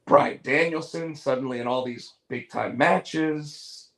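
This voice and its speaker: Animated, gravelly man in an echoey room. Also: mid-range voice, slow. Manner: animated, rambling, with restarts. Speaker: podcast host. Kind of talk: casual wrestling chat.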